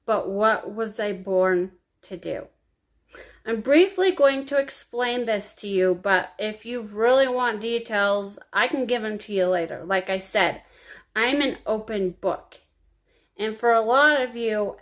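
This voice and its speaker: A woman's voice: medium pitch, expressive. A woman telling her own life story to camera, confiding and emotional, crying as she speaks. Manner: emotional, confiding, slow and halting. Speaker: vlogger.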